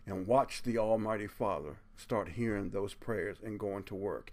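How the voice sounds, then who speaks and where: A man's voice: fairly low pitch, a little slow, hardly any pauses, darkish tone. A man giving an earnest, preachy monologue to his viewers, speaking bluntly, cursing casually and tacking "man" onto his sentences. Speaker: video channel host.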